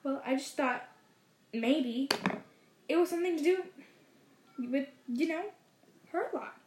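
A woman's voice: high voice, takes it slowly, a little mellow. A woman voicing a nervous, fussy middle-aged man who mumbles and hesitates, read aloud in a storybook. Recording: roomy echo.

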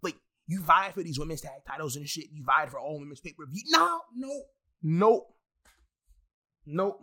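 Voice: mid-range voice, quick pace, bright, forceful tone. A wrestling fan in a casual, profane rant full of exasperated asides and heavy swearing.

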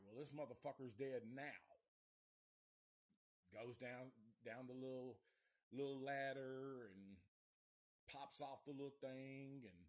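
A middle-aged man from the Nashville area, recapping a movie plot in a profane, rambling live review. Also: medium pitch. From Nashville area, USA.

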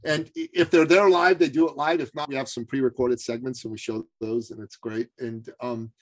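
A man sits in as a guest and tells a story in a casual, animated way. He often stumbles and restarts his words, in an ordinary mid-range voice. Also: mid-range voice, fairly quick. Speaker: podcast guest, coach.

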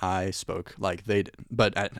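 A young man with a French accent, a guest talking haltingly in a casual radio interview, often restarting his sentences. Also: low voice, level tone, no room sound, studio quality. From Italy. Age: young adult. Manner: halting, many restarts and fillers.

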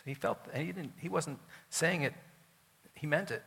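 A man, the pastor, preaching a sermon in an emphatic style, swinging from loud declarations to quiet asides, in a church sanctuary, recorded with long hall reverb. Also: on the high side, normal speed, creaky, slightly rough.

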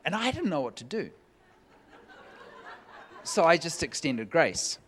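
A man preaching, telling a humorous personal story with lively, joking delivery. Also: a little high, a little slow, very noisy. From California. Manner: animated, jokey storytelling with laughs. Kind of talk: sermon storytelling.

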